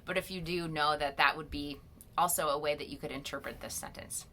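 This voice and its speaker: A woman's voice: sits low, steady tone, fairly quick, pushed and bright, a little hiss or hum. A middle-aged woman teaching grammar over a screen recording, explaining patiently step by step and asking questions as she goes.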